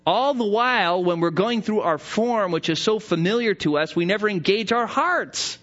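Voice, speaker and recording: High, animated male preacher. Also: moderate pace. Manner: animated, dramatic preaching with rising emphasis. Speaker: pastor. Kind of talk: sermon. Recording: dull lo-fi recording.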